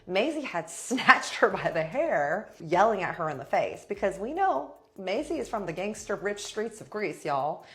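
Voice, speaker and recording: A young woman vlogger telling a dramatic storytime in a sassy, animated way, acting out every character herself. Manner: sassy, dramatic, voices every character with big pitch jumps.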